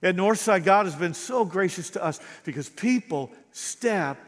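A man's voice: high-pitched, expressive, unhurried, in a large hall. A man preaching a sermon as pastor, acting out quoted voices with animation.

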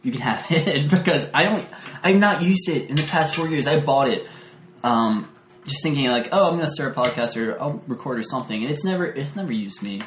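A man's voice: medium pitch, expressive, a little fast, echoey room, a little hiss or hum. A man chatting casually over a meal in a small podcast studio, rambling, laughing and correcting himself as he goes. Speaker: podcast guest. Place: small home podcast studio with foam panels.

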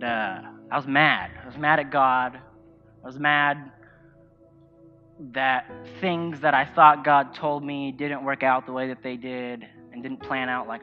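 A man preaching a sermon, reading scripture and telling a personal story while asking the congregation questions. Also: mid-range voice. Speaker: pastor. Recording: dull lo-fi sound with faint music.

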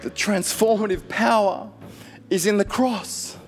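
A man's voice: sits high, fairly even intonation, a little slow. A male preacher giving an impassioned, emotional sermon testimony with lots of repetition.

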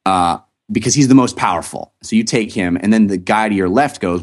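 An upbeat man with a somewhat low voice hosts a relaxed podcast. He talks in a loose, rambling way, stumbling over his words and restarting sentences in his excitement. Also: a little fast. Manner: enthusiastic, rambling with many restarts. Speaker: podcast host. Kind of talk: casual podcast chat.

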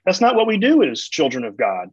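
Husky-voiced man explaining faith earnestly. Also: on the high side, huge pitch swings, fairly quick, no echo. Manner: earnest, explains through family stories. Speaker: guest. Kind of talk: conversational theological explanation. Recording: dull, dry recording.

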